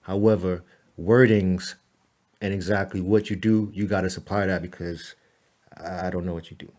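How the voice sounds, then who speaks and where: A man giving a casual, chatty tutorial on editing a website, laughing at himself now and then and saying "all right" a lot. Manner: relaxed, chatty, repeats "all right" and "boom"; laughs at himself, mutters to the slow computer. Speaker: web designer walking a client through site editing. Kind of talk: casual screen-recorded tutorial.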